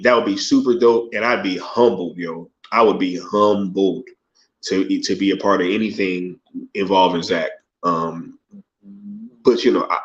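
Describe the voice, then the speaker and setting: A man hosting a casual live stream, reading viewer comments aloud and reacting in a laid-back, slangy way, tagging lines with "yo" and "right?". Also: fairly low pitch. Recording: muffled lo-fi stream audio.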